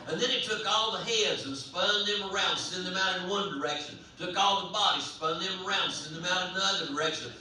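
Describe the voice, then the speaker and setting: A man telling a comic story aloud at a live event, in an animated, folksy way, heard from far off in a large hall. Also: high voice. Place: large hall at a residential campus. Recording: echoey hall, voice from far off, faint hum.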